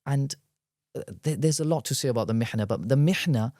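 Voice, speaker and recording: A man, a guest scholar, explaining at length in a podcast discussion, quick and animated, weaving in Arabic terms. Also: medium pitch, no echo, clean studio sound.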